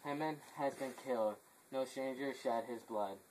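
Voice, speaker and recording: A man's voice: mid-range voice, moderate pace, a little mellow, a little hiss or hum, lightly acted, poor audio. A man playing a messenger in an amateur play, reading his long report with stumbles, restarts and stifled laughs. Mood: grim. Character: messenger reporting deaths to the royal house.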